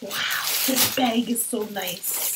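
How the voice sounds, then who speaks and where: A woman vlogging an art-supply unboxing, gushing and excitable, often dropping into whispers. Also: medium pitch, slow. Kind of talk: casual unboxing vlog. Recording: faint background noise.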